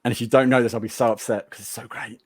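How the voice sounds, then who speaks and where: A man's voice: medium pitch, fairly even intonation, rapid-fire, no room sound, clean studio sound. A man hosting a casual podcast movie quote quiz, playful and teasing. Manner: playful, reads out quotes and teases. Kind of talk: casual chat.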